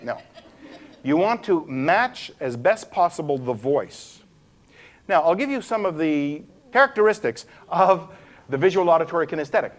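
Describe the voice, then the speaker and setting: A man presenting a workshop to a room of people, animated and demonstrative, swinging his pitch and pace to show different ways of talking. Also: moderate pace. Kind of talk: live workshop talk to a room. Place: room with a live audience.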